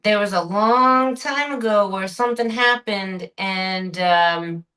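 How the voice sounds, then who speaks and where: A woman being interviewed on a podcast, telling stories in an animated, expressive way. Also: medium pitch, slow. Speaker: podcast guest. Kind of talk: conversational interview.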